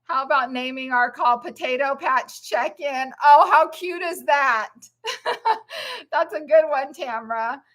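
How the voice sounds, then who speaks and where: Upbeat middle-aged woman live-stream host, slow unhurried delivery, slightly winded from jogging. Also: high voice, expressive, fairly bright tone. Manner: enthusiastic, cheering, laughing often. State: out of breath. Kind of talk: upbeat motivational live chat.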